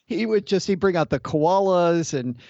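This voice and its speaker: Midwest guy cohosting a podcast, jokey, kinda high voice, dull dry mic. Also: lively intonation, normal speed, a little mellow, no echo. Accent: Midwestern American. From Southwest Michigan. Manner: joking, self-deprecating. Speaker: podcast co-host. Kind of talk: casual podcast chat.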